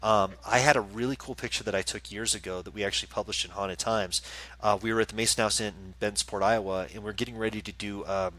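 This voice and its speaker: Bright-voiced male psychic co-host. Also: lowish voice, steady tone, quick pace, rough recording. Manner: rambling, stammering, joking. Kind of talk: casual live-stream chat.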